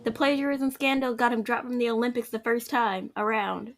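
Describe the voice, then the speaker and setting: A woman co-hosting a casual podcast chat, recapping a story game and acting out the characters in quick asides. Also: fairly high pitch. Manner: animated, mimics characters in quick asides, laughs often.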